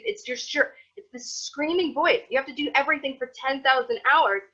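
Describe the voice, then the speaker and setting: A woman, teaching a motivational class in a chatty, animated way. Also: high voice, a little fast, hardly any pauses. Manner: animated, chatty, acts out quotes. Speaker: Torah teacher. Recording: dull lo-fi sound.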